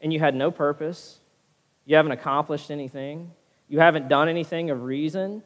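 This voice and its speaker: Pastor delivering a sermon, a man with a fairly high voice, recorded in a reverberant church hall. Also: steady tone, a little fast. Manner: preaching with frequent "right?" tag questions. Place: church sanctuary.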